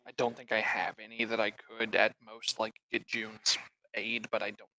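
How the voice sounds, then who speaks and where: A man's voice: on the low side, completely flat delivery, moderate pace, bright, forceful tone, poor audio. A man playing in a live tabletop game, speaking hesitantly and trailing off. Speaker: player.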